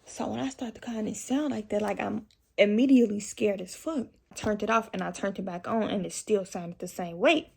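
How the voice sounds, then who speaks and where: A young woman telling a profane, animated storytime to her viewers in a casual vlog. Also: medium pitch, fairly quick, vocal fry, breathy edge. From Chicago area. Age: young adult. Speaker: vlogger.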